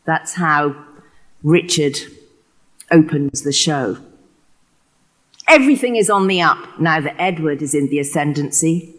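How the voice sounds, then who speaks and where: Expressive English woman giving a lecture. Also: low-pitched, unhurried, long pauses. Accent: West Country English. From England. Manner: expressive, acts out quotations. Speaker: keynote speaker. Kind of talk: prepared lecture.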